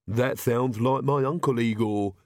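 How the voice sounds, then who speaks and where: In this dry, close recording, a male narrator plays a proud, grumpy castle servant from a comic storybook, speaking slowly in a sour, measured way. The voice sits mid-range, sounds natural, and has a darkish tone.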